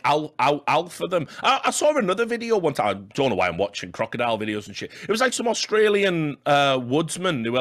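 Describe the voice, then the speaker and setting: A man's voice: mid-range voice, a bit bright. A man hosting a casual esports podcast, telling rambling, swear-filled anecdotes with stammered restarts. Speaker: podcast host.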